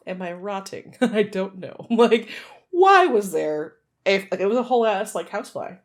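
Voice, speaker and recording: A woman co-hosting a podcast in casual chat, her pitch sitting in the middle and swinging widely as she tells stories. She laughs often and swears freely. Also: lively intonation, normal speed. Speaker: podcast co-host.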